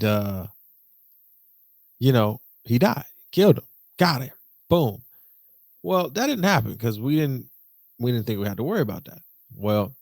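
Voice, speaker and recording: Young male podcast host, energetic and expressive, mid-pitched voice recorded dry. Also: no echo. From Detroit. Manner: animated and slangy, jumps to high excited pitch, mimics voices. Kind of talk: casual solo podcast storytelling.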